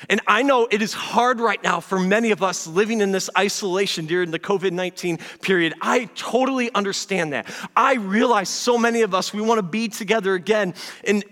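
Male pastor, sermon, high bright voice, earnest conversational delivery, long hall reverb. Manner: earnest, conversational preaching that drops to soft, slow asides.

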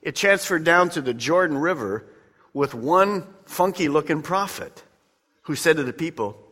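Preaching from a church sanctuary that rings with long hall reverb, this pastor talks emphatically and conversationally, making direct appeals to the congregation. His slightly high, somewhat bright voice has lively intonation at normal speed.

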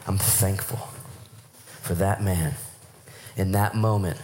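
A man's voice: low voice, steady tone, takes it slowly, a little mellow, a little hiss or hum. A man preaching a sermon to his church, acting out voices of Bible figures as he goes. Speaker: pastor.

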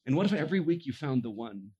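A man preaching a sermon, telling stories and acting out the voices of the people in them, dropping to a hush and then rising to a shout. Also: medium pitch, very animated, fast talker, breathy edge, lo-fi sound. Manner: acts out voices in his stories, swings from hushed to shouting. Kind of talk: animated sermon storytelling.

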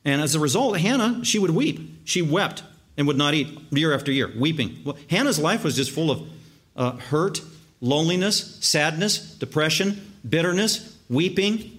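A man preaching a sermon, emphatic, stacking repeated words into long lists and slowing down to stress key words. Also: on the high side, expressive, fairly bright tone. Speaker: pastor.

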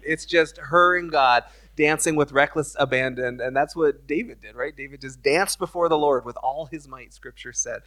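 Man pastor, mid-pitched voice, conversational preaching, affirming interviewer at a church service. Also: normal speed, hardly any pauses, bright, forceful tone.

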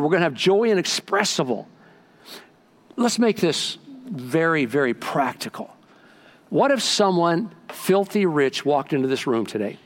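Animated preacher with a raised voice. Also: male voice, sits high. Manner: animated storytelling with acted-out quotes. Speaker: pastor. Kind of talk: sermon. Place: church sanctuary.

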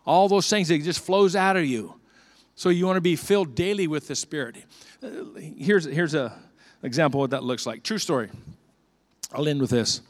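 An older man, a pastor, preaching a conversational sermon with earnest repeated restarts. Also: a little high.

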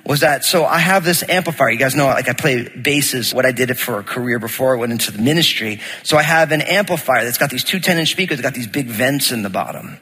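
A middle-aged man preaches to his congregation with a bright, slightly husky voice. He tells stories in a lively way and acts out the lines of the people in them. His voice carries a long echo, as if from a large hall. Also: mid-range voice, quick pace, hardly any pauses. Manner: storytelling, animated, acts out quotes. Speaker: pastor. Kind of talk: sermon.

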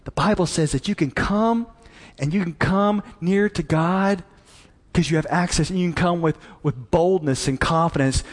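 A man's voice: high voice, in a large hall. A man preaching a sermon as pastor, earnest and emphatic, often repeating words.

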